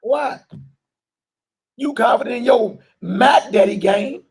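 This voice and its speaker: A man preaching an informal sermon to a live group, talking colloquially and loudly stressing his points. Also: very high voice, takes it slowly, gravelly. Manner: loud emphatic bursts, colloquial, laughs often.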